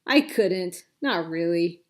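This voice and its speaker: A woman voicing a spirited young princess with a bright, lively delivery. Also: on the low side, slow pace. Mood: wistful.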